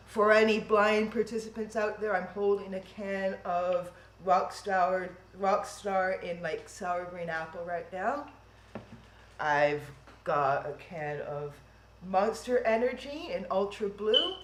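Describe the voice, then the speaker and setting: A woman hosting a livestream from home, talking at an unhurried, easy pace. Her chat rambles from one thought to the next with a self-deprecating edge. The room gives her voice a noticeable echo. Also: mid-range voice. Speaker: livestream event host. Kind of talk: casual live-stream chat. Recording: roomy echo.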